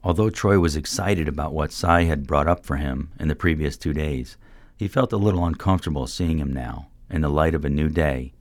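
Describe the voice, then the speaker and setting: A man narrating an audiobook in an even, unhurried storytelling manner. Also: extremely low pitch, no room sound.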